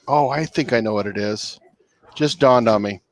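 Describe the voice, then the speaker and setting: A man's voice: mid-range voice, normal speed. Laid-back man chatting on a livestream. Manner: laid-back, rambling, chuckling often. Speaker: cooking channel host on a livestream. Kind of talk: casual livestream chat.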